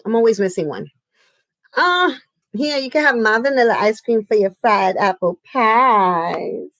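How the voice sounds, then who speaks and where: A woman's voice: fairly high pitch, expressive, a little slow, a bit bright, dry recording, rough recording. A woman from the United States chatting casually and effusively on a live stream, often laughing. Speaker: crafting livestream host.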